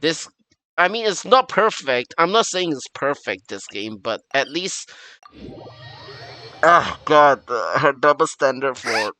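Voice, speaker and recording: A man's voice: medium pitch, sing-song, measured pace, bright, forceful tone. A man streaming a game, rambling in a casual chat with many fillers, frustrated and swearing.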